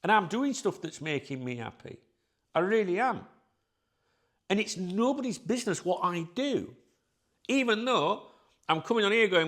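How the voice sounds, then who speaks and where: A man's voice: high voice, big pitch swings, fairly quick, fairly bright tone. A middle-aged man, hosting his own channel and talking bluntly and candidly to his viewers, sweary and rambling. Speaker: channel host.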